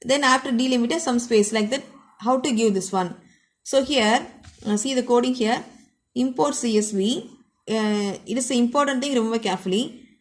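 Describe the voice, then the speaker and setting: A woman's voice: fairly high pitch, normal speed. A woman teaching computer science in a classroom lecture style. She explains step by step, repeats points, and often closes each one with the same short phrase. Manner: repetitive, explanatory, keeps ending points with a set phrase.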